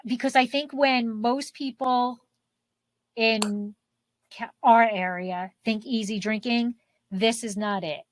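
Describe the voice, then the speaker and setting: A woman co-hosting a podcast, unhurried and thoughtful, with fillers like "um". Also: on the high side, fairly even intonation, a little hiss or hum. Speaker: podcast co-host. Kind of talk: casual podcast chat.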